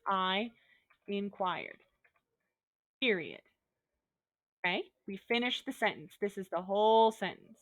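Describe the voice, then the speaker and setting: A woman's voice: mid-range voice, a bit bright, no room sound. Upbeat goofy woman teacher, dry close sound. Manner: upbeat, goofy, talks through examples step by step. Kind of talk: recorded online lesson.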